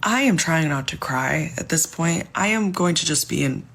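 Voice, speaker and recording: A young woman with a low, gravelly voice and a husky edge, talking straight to the camera about her own situation. She sounds frustrated and explains things at length, sometimes falling to a whisper. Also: expressive, moderate pace, fairly bright tone. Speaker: civil servant telling her story. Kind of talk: personal testimony video.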